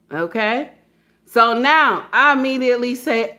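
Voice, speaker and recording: A woman speaking in a casual monologue, blunt and animated, acting out phone calls and driving points home with repeated "okay?". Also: fairly high pitch, takes it slowly. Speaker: social media commentator.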